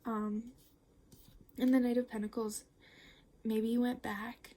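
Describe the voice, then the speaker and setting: Speaking slowly with little pitch movement, a young tarot reader with a fairly high voice offers a laid-back reading. She rambles chattily, uses lots of fillers and the occasional swear word, and sometimes sinks into a gentle near-whisper.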